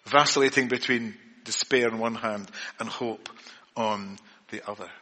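Earnest preacher in a reverberant church. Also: male voice, on the low side, fairly even intonation, a little slow, bright, forceful tone, slightly rough. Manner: earnest, repeats words and restarts often. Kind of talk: evening church sermon. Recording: long reverb of a church hall.

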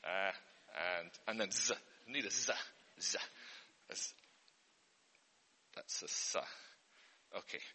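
A man's voice: lowish voice, slow, pauses often, pushed and bright, a little hiss or hum. A man doing a comic spelling lesson for an audience, in an earnest teacher's patter, often flustered and breaking off mid-sentence. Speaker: comedian. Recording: long hall reverb.

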